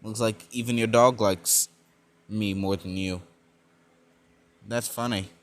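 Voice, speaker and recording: A man's voice: lowish voice, fairly even intonation, takes it slowly. A man voicing a cocky one-armed young male swordsman in a storytelling video, speaking in a smug, taunting way.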